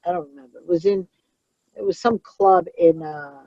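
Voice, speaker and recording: A woman comedian, around middle age, telling stories in podcast chat in a blunt, profane, animated way. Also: lowish voice, moderate pace, no echo. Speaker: comedian guest. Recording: dull lo-fi sound.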